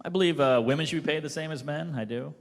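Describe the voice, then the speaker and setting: A man doing a stand-up comedy set, delivering deadpan punchlines and briefly voicing the people in his jokes. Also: fairly high pitch, fast, vocal fry.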